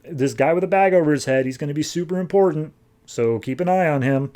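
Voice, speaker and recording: A fast-talking podcast host with a slightly high voice and dark tone casually recaps a comic book. He paraphrases the characters in slangy, offhand dialogue.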